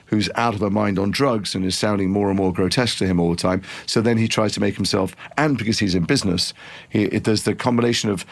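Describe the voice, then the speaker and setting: A middle-aged man from Liverpool with a softened Liverpool accent, telling long rambling stories in a podcast interview. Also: fairly low pitch, quick pace, vocal fry. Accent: refined Liverpool English. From Liverpool, England. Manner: rambling, animated storyteller with many restarts. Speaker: actor guest.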